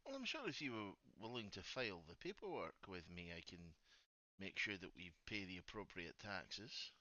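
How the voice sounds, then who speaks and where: A man voicing a smooth, persuasive male businessman who talks in a polite, measured way. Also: deep voice, sing-song, bright, forceful tone, no echo, lo-fi sound, full character voice.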